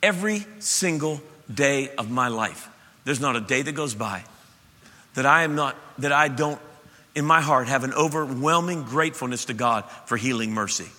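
A middle-aged male pastor preaching an impassioned, emphatic sermon that swings between loud and soft in a church sanctuary. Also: mid-range voice, lively intonation, moderate pace. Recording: reverberant church hall.

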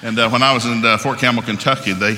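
Bright fast-talking Southern preacher man. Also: mid-range voice, steady tone, big-room sound, slight background noise. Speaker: pastor. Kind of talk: humorous sermon. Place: large church hall with live audience.

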